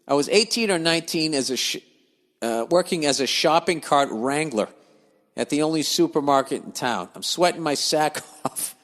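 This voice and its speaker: A man's voice: fairly high pitch, a bit bright, long reverb tail. A man hosting a podcast, reading listener letters aloud and breaking into profane, grumbling comic rants and digressions. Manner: swears freely, grumbles and digresses. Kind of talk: profane comedic rant.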